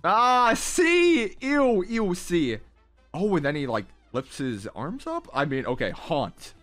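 A young man giving casual, excitable reaction commentary, ranking game emotes with lots of slang. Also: high voice, slow pace, faint music behind. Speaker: gaming content creator.

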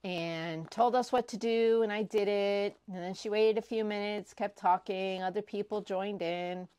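A woman crafting vlogger unboxing prizes she won, gushing and excitable, often repeating herself. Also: mid-range voice, measured pace, clean tone, no room sound. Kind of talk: casual unboxing vlog.

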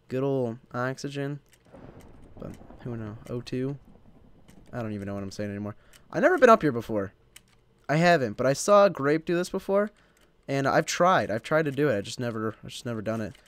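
A young man from Illinois in the United States hosts a gaming channel, rambling casually to himself and his viewers as he plays. His voice is medium in pitch, and the recording is dry. It's chatty gameplay commentary, half talking to himself.

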